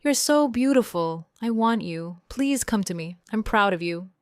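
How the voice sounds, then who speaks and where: A woman's voice: mid-range voice, expressive, measured pace, no room sound, studio quality, natural voice. A woman reading a pushy lovesick man. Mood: insistent. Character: pushy man declaring obsessive love.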